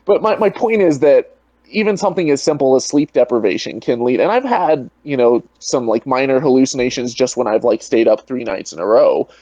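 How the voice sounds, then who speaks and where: A man's voice: mid-range voice, animated, fairly quick, mellow, no room sound, lo-fi sound. A man talking as a guest in a casual online debate, rambling and full of "you know" fillers over a video call. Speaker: guest, atheist video creator.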